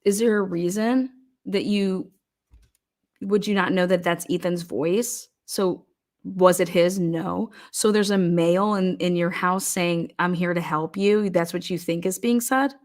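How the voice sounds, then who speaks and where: A woman's voice: fairly low pitch, fairly even intonation, darkish tone. Blunt, sarcastic woman commentator. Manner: blunt, sarcastic, profane, rapid-fire questioning. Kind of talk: true crime commentary.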